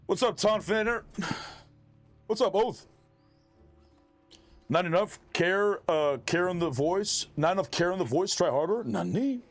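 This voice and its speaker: A man chatting casually with his live-stream audience, animated and loud, often shouting catchphrases. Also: sits high, a little slow, pauses often, soft background music.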